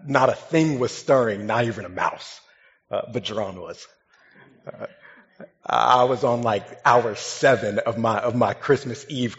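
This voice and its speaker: A young man, a pastor, gives a sermon built on a funny childhood story, talking in a relaxed, conversational way. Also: mid-range voice. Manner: humorous, conversational, lively storytelling. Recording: dull sound with long hall reverb.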